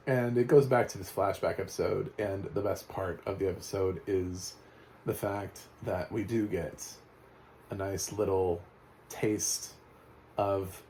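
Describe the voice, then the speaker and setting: Rambling through a casual TV recap, this male reviewer is blunt, using fillers, restarting sentences, and swearing now and then. He has a low voice with a darkish tone, and there's slight background noise.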